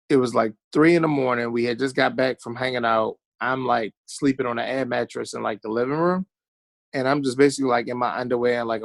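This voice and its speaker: Gravelly-voiced man from Baltimore. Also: mid-range voice, no echo. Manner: profane, blunt storyteller acting out quotes. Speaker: podcast guest. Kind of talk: casual chat, storytelling.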